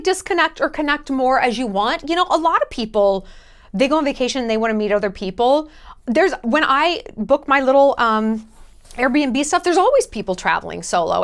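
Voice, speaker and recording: A woman travel vlogger giving casual advice in a blunt, jokey, sometimes profane way. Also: high-pitched.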